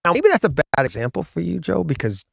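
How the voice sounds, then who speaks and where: A man hosting a casual live talk about home theater, telling stories animatedly and acting out gunshot booms. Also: quick pace, gravelly, dry recording, clean studio sound. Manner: animated, acts out gunshot sounds. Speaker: host. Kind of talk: casual chat.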